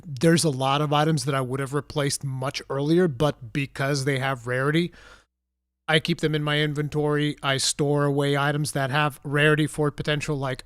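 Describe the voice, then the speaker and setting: A man chatting casually on a game stream, animated and swearing freely, talking into a desk mic. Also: on the high side, dry recording, clean studio sound. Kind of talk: casual live-stream chat.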